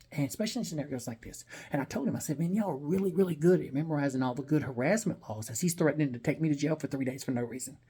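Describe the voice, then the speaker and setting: A man rattles through a personal story at a quick clip, blunt and salty, with plenty of rambling asides. His voice is husky and dark-toned. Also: a little high. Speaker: vlogger telling a personal story. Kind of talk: casual storytelling monologue.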